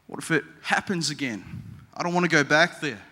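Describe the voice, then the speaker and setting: A male pastor preaches in a bright, fairly high voice, talking conversationally and slipping in humor. He asks the congregation questions as he goes. The long reverb of a large church hall trails after each phrase. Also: lively intonation, brisk. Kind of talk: sermon.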